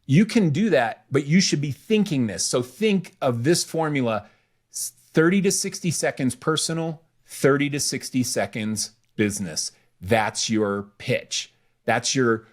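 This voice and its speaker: A man co-hosting a podcast, giving casual business advice, informal and lively, acting out bits of small talk. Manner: animated, acts out quoted small talk with pitch jumps; informal, says "freaking", repeats phrases. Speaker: podcast co-host.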